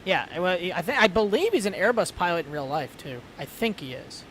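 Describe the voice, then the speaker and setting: Chatty man, fillers, slightly high voice. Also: very animated, brisk, a bit bright, a little hiss or hum. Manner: chatty, rambling, lots of fillers. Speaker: flight sim streamer. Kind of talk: casual chat.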